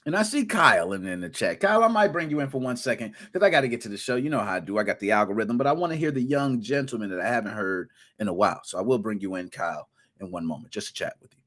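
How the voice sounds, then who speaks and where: A man hosting a live gaming podcast, giving playful, hyped-up shout-outs to his chat with slang and rhymes. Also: lowish voice, lively intonation, fast talker. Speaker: podcast host.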